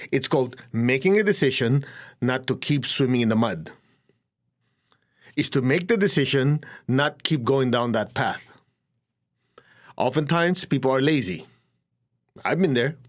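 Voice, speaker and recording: A man giving a spiritual talk to an audience, at a middle pitch for a man. He tells stories with animation and breaks into quick laughs. He acts out the people in his stories as he goes. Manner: animated storytelling, acts out quoted voices, laughs often. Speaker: spiritual teacher. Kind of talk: lecture to an audience.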